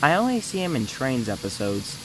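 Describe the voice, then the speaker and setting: A man's voice: mid-range voice, very animated, fairly quick, noisy background. A young man hosting a casting call, talking casually in a rambling, hesitant way with many restarts. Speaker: video host running a casting call.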